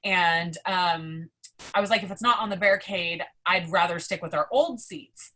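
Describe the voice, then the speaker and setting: A young adult woman, a podcast guest, telling a story in a casual, excitable way, swearing often and filling her talk with "like". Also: lowish voice, normal speed. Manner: excitable, profane, heavy use of "like".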